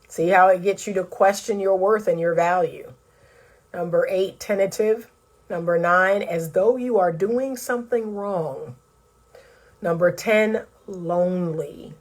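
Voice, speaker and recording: A woman's voice: on the low side, a little mellow, breathy edge, poor audio. A woman relationship coach giving direct, emphatic advice straight to the viewer, counting points off a list. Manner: acts out quoted speech in a raised voice.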